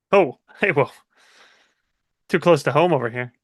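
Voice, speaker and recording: A man joining a live fantasy draft stream as a guest, casual and quick to laugh. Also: fairly high pitch, expressive. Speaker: guest co-host.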